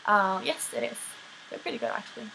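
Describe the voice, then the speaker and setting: A woman's voice: medium pitch, expressive, brisk, gravelly, pushed and bright, a little hiss or hum, rough recording. A teenage girl from Sweden with a light Swedish accent, chatting casually through viewer questions in a vlog, with many "um"s and "like"s. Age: teens. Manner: chatty, filler-heavy, frequent "um" and "like". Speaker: exchange student vlogger.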